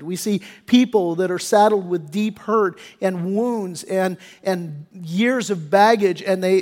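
A man's voice: high-pitched, a little mellow, big-room sound. A male pastor preaching a sermon in a church sanctuary, talking in a folksy, conversational way with stumbling restarts.

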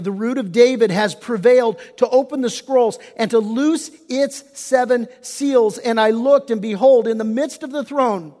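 A man's voice: extremely high pitch, normal speed, few pauses, warm tone. A man preaching a sermon as pastor, impassioned and folksy, rising and dropping his voice, often restarting phrases. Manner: casual folksy wording. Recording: long reverb of a church hall.

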